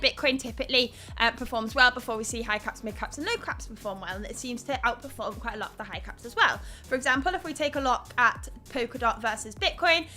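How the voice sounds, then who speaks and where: A woman's voice: high-pitched, sharp tone. A young woman hosting a live crypto news stream, explaining markets and reading chat in a candid, conversational way. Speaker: crypto news show host.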